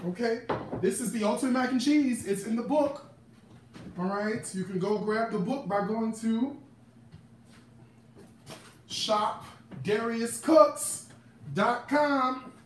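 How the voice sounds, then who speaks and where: A male cooking host with an unhurried, drawn-out way of talking who keeps breaking into excited exclamations and speaks straight to the viewers. His voice rings around a roomy, echoing kitchen. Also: high voice, distant mic, slight background noise. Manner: chatty and exclamatory, addresses viewers directly. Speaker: cooking show host and cookbook author. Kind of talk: casual cooking demonstration. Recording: echoey room.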